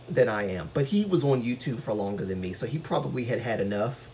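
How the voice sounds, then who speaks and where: A man's voice: medium pitch, lively intonation, fairly quick, few pauses, a little mellow, slight background noise. A man talking casually to viewers on his live stream, earnest and rambling, with a voice that carries when he gets passionate.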